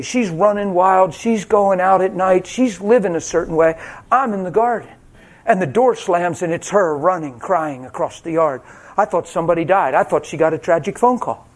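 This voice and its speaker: A man preaching a sermon, telling his own testimony with emotion and acting out the voices in it. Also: on the high side. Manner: dramatic, acts out voices, cries out.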